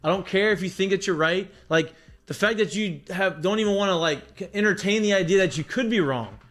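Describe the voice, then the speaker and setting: A man talking casually as a podcast guest, telling animated stories about baseball with lots of "like" and frequent swearing. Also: high voice, a little fast. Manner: animated storytelling with heavy profanity and filler "like". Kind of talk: casual chat.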